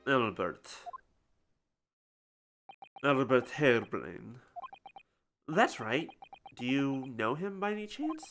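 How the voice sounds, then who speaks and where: A man's voice: medium pitch, very animated, takes it slowly, pauses often, fairly bright tone, a little hiss or hum, full character voice. A man reading the lines of a cold, composed aristocratic prosecutor in a story game, formal and aloof. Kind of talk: reading game dialogue aloud.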